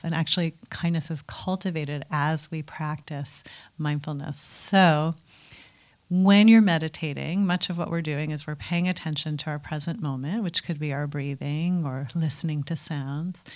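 A woman teaching mindfulness and guiding a meditation in a gentle, soothing, unhurried way. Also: low voice. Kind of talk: guided meditation talk.

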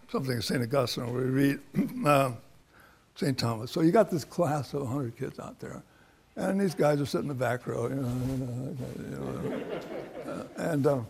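A man's voice: mid-range voice, gravelly, a little mellow. An older man, a professor, answering a student's question in an informal lecture with a rambling, anecdotal way of talking and many restarts.

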